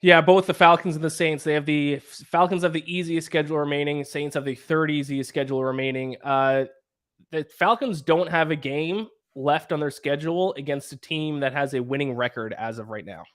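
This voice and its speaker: A man's voice: a little high, a little fast, fairly bright tone. A man with a Canadian accent hosting a casual sports podcast, reeling off schedules and betting odds in an analytical way. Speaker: podcast host.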